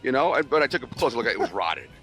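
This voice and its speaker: Animated, foul-mouthed male storyteller. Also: medium pitch, racing, faint music behind. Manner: animated, swears constantly, acts out quoted voices. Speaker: co-host telling a story. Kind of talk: casual profane storytelling.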